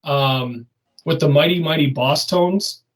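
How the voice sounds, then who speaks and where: Male co-host, chatty and agreeable, slightly raised pitch, a bit distant from the mic. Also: slow, crowd noise. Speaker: podcast co-host. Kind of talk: casual chat.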